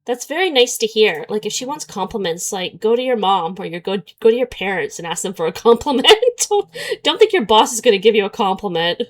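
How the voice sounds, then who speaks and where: A woman's voice: mid-range voice, lively intonation, fairly quick. A young woman streaming a story game, chatting casually and sarcastically, often breaking into laughter.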